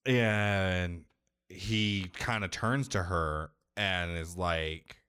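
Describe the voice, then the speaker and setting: A man's voice: deep voice, extremely slow, sharp tone, clear, resonant tone, no room sound, clean studio sound. A young man casually recapping a video game's story, rambling, swearing and filling his sentences with 'like'. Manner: rambling, profane, heavy filler 'like'. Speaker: podcast co-host recapping a video game. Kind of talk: casual chat.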